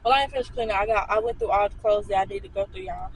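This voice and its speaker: A woman's voice: mid-range voice, rapid-fire, rough recording. A young woman vlogger chatting casually to her viewers, calling them "y'all" over and over. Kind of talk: casual chat to camera. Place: inside a car. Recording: loud car and road noise.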